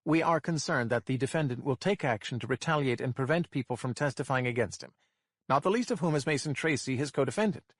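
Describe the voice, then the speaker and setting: A man's voice: mid-range voice, expressive, fast talker, dry recording, studio quality, lightly acted. A man voicing an earnest male prosecutor pressing his case in court.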